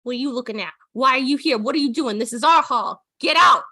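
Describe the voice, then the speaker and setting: Brief: cranky sun bear yelling at intruders, put on by a woman game master, loud and pitched up. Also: fast talker, dry recording, studio quality, heavily acted. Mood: furious. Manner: shouting, scolding. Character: angry territorial male sun bear.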